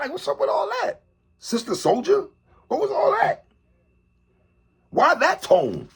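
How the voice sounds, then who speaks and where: With an extremely high, gravelly, slightly rough voice at a moderate pace, this male commentary vlogger rants animatedly about a TV host. He keeps tacking on "sister, respectfully."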